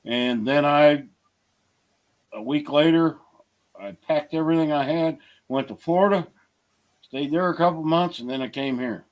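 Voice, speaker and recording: A man's voice: on the high side, unhurried, pauses often. Blunt plainspoken man telling stories. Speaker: livestream host. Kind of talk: casual chat.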